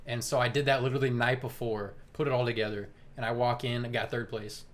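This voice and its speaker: A man's voice: mid-range voice, flat delivery, quick pace. A young man with a mid-range voice chats easily on a podcast. He laughs through his stories and swears casually. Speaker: podcast co-host. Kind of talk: casual chat.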